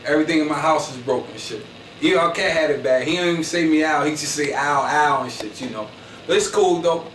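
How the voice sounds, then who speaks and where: A Philadelphia comedian with a fairly bright voice on the high side delivers a comedic storytelling monologue, slangy and boastful, rambling along with constant "you know what I'm saying." The mic is distant, so the sound is echoey with some faint noise.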